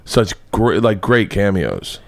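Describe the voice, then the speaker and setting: A man hosting a podcast in a casual chat, rambling and excitable, often restarting his sentences. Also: on the low side, takes it slowly, gravelly, no room sound. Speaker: podcast host. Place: home studio room.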